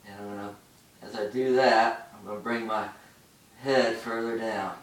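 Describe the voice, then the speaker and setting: A man's voice: on the low side, steady tone, roomy sound, far from the mic, low-quality recording. Breathless man coaching a stretch. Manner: talks while holding stretches, pausing and breathing hard. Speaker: stretching instructor. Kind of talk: instructional demonstration.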